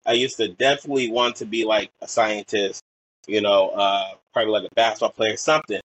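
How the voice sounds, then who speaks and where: A man's voice: fairly low pitch, fairly even intonation, brisk, a bit bright, husky, no echo, highs cut off. A young man from Portland, Oregon, a podcast guest telling stories in a rambling way, full of fillers and acted-out quotes. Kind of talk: casual storytelling chat.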